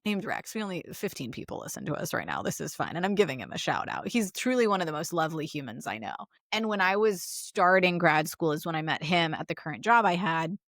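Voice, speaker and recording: A woman therapist co-hosting a podcast in casual chat, telling stories in an animated, expressive way and acting out quotes. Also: fairly low pitch, dry recording, clean studio sound. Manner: animated, expressive storyteller who acts out quotes.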